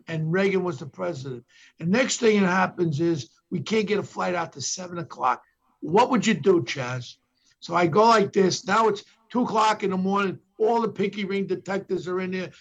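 Through a muffled recording, an older New Yorker who used to be a detective recounts police stories as a podcast guest. He speaks at normal speed in a high-pitched voice with vocal fry, punching out his impressions of the people he quotes.

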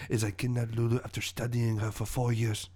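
A man's voice: medium pitch, little pitch movement, fairly quick, darkish tone, lightly acted. A man putting on a pompous French villain. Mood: gloating. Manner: put-on French accent, grandiose monologuing.

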